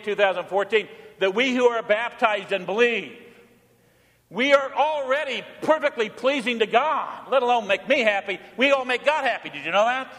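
A man preaching from the pulpit in a high, bright voice that rings down a long church reverb. He speaks as a jovial, teasing pastor and leans on rhythm and emphasis. The sanctuary sound lingers behind each phrase. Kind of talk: sermon.

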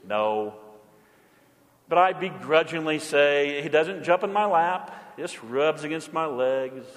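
A male pastor preaching a sermon, emphatic, moving between loud proclamation and quiet asides. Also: a little high, animated, takes it slowly, long reverb tail.

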